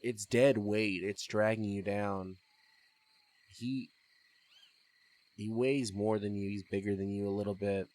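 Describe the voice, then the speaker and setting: A man narrating a tabletop role-playing game as game master in slow, measured storytelling. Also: on the low side, fairly even intonation, a little mellow, dry recording. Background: background music.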